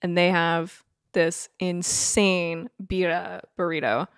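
Woman, podcast co-host, lower pitch, chatty, animated, dry recording. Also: slow, smooth, dry recording. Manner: laughs often, animated, chatty. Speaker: podcast co-host, financial advisor. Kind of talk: casual podcast chat.

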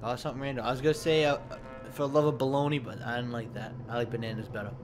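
A young man giving loud, excitable gameplay commentary, swearing and laughing often. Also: mid-range voice, rapid-fire, music in the background. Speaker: gaming YouTuber.

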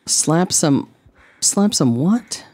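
A woman streaming a game, chatting to her viewers with rambling, deadpan jokes. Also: low-pitched, drawn-out words. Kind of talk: casual gameplay commentary.

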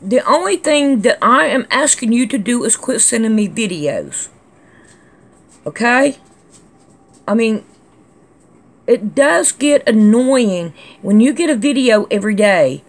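Woman vlog host, fairly high voice, slow drawl, chatty and scolding. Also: expressive. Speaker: channel host reading comments. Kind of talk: casual comment-reading vlog.

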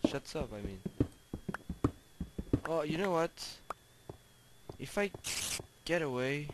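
A man with a fairly high, lively voice talks slowly and casually over his own gameplay, chatty and quick to get exasperated as he coaxes the animals he comes across. It's a home recording with noticeable background noise and clicks.

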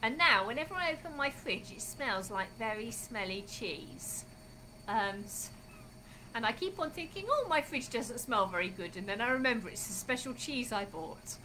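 A woman's voice: a little high, animated, normal speed, sharp tone, a little hiss or hum, poor audio. A woman hosting a Bible club for children, talking in a friendly way and calling out sing-song greetings.

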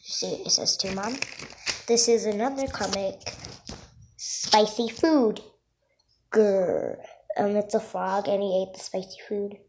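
A woman casually showing off her drawings, halting and self-conscious, often apologizing. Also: medium pitch, fairly even intonation. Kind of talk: casual show-and-tell. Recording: noisy home recording.

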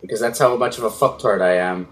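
A young man commentating a horror game as he plays, panicky and swearing, yelling at the enemies on screen. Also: lowish voice, quick pace. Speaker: gaming YouTuber.

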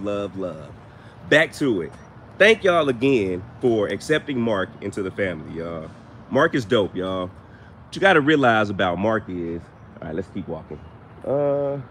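A man hosting a casual live stream while walking through a cemetery, chatting with viewers and giving them shout-outs, recorded outdoors on a handheld phone. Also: on the low side, slight background noise. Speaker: paranormal show host, live streamer. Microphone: handheld phone camera.

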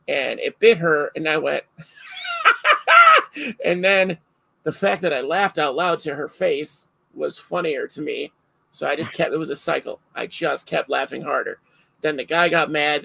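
A man hosting a casual chat, telling stories in an animated way and laughing often. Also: fairly high pitch, vocal fry, no room sound, low-quality recording.

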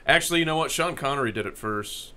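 A man's voice: medium pitch, fast talker. A man hosting a podcast, telling profane stories in casual chat and quoting people in put-on voices. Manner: profane, animated storytelling with quoted voices.

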